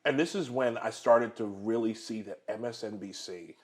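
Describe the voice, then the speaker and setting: A man's voice: on the low side, moderate pace. Rambling, laughing man at a home dinner table. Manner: rambling with many restarts and fillers, laughs often. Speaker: host. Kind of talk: casual political chat over dinner.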